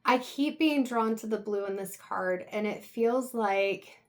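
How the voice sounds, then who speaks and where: A woman giving an intuitive tarot reading, talking softly and reflectively with pauses, at times close to tears. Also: on the high side. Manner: soft, reflective, halting with pauses. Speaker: tarot reader.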